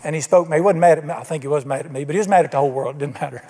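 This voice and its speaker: A man's voice: on the high side, very fast, mellow. A man preaching a sermon, telling folksy stories and acting out the people he quotes. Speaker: pastor. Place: church sanctuary. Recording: long reverb of a church hall.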